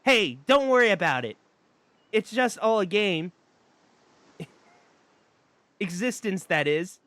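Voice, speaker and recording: A man voicing a relaxed, flirty stoner spirit woman in a dating game, with a lazy drawl. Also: sits high, slow, dry recording, voice pushed up, exaggerated voice. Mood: laid-back.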